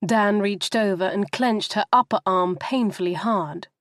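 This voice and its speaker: A woman narrating a novel in a steady, even storytelling manner, close to the microphone. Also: medium pitch, measured pace, no room sound. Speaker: audiobook narrator.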